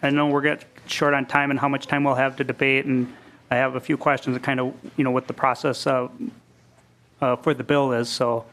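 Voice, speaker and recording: A man's voice: mid-range voice, level tone, fairly quick, a bit bright. A man on a legislative committee asking a procedural question, hesitant and full of fillers.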